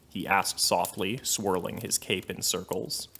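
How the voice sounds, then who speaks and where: A man giving a deadpan comedic reading of a fanfiction story. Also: deep voice, unhurried, gravelly, breathy edge. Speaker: fanfiction reader.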